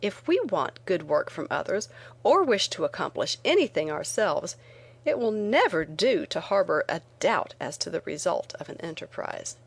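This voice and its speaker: A woman reading a first-person memoir aloud in a measured, earnest way. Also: fairly low pitch, vocal fry, breathy edge. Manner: measured, earnest reading with lively quoted lines. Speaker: narrator. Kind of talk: audiobook narration of a memoir.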